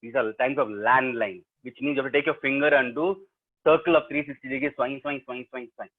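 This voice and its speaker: A man's voice: mid-range voice, steady tone, fast talker. A man with an Indian English accent telling a story animatedly to students over a webinar, quizzing the audience as he goes. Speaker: professional storyteller. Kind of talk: live oral storytelling to students. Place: remote webinar, home setup. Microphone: video call. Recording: tinny webinar call audio.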